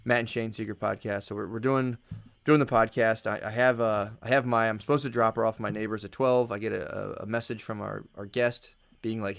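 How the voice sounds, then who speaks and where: Male podcast guest, rapid rambling storyteller, casual swearer. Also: on the low side, fairly even intonation, creaky. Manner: rapid, rambling storyteller who acts out his own thoughts; casual swearing, calls listener "dude". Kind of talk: casual conversation.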